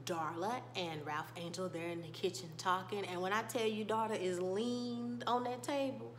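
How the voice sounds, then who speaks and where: Young woman doing a chatty tv recap, gossipy and lively, mid pitch, faint hum behind. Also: normal speed. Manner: animated, gossipy, with laughing asides. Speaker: TV show reviewer. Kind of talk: casual recap vlog. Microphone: desk microphone.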